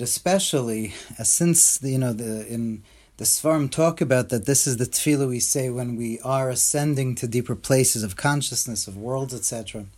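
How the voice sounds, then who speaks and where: A man, a Jewish religious teacher, giving an earnest devotional Torah talk. He stretches out the prayer words as he pleads and often sinks into a hushed, soft voice. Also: medium pitch.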